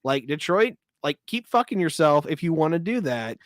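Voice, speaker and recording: A man's voice: a little high, sing-song, normal speed, dry recording. Insistent man ranting on a dry mic. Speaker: panelist. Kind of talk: casual panel chat.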